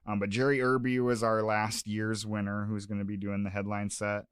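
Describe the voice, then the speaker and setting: A man's voice: fairly low pitch, monotone, normal speed, clean tone, no echo, clean studio sound. A man from South Dakota, a music and comedy promoter, chatting casually on a radio show, rambling with lots of fillers and restarts. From Sioux Falls, South Dakota.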